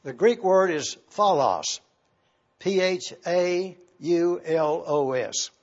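A pastor, a man, teaching a sermon in a slow, deliberate way, spelling out Greek words for his congregation. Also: high voice, dull audio. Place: church.

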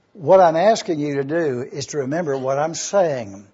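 Older male preacher, husky high voice. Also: moderate pace, few pauses, darkish tone. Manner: rhetorical questions answered himself, emphatic repetition. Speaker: pastor. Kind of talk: sermon. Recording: dull lo-fi recording.

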